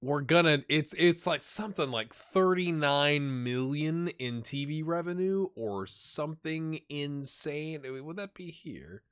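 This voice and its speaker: A man's voice: a little high, measured pace, hardly any pauses, a bit bright, clean tone. A man hosting a gaming channel, giving casual gameplay commentary, chatty and muttering asides to himself.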